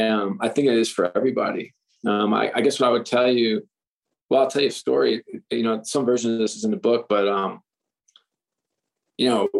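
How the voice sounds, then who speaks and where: A middle-aged man, an author guest, telling candid stories in an interview, animated and full of restarts. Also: fairly low pitch, creaky, low-quality recording. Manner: animated, restarts often, acts out quotes. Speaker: author and sports executive guest.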